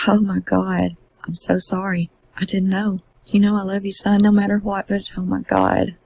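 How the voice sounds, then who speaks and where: A woman's voice: mid-range voice, flat delivery, normal speed, creaky, dark tone, slight background noise, natural voice. A woman voicing a stunned, grieving father. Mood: anguished. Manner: rising, incredulous questions. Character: distraught older father, pleading and disbelieving.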